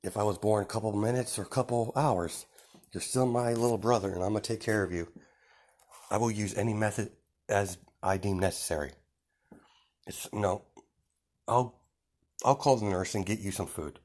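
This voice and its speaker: A fierce, overprotective young twin sister who speaks in quiet, threatening tones, as a man puts her on. The voice sits low for a girl and stays close to an everyday speaking voice. It is told as a casual spoken fan story. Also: moderate pace, long pauses, close to an everyday voice. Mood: protective.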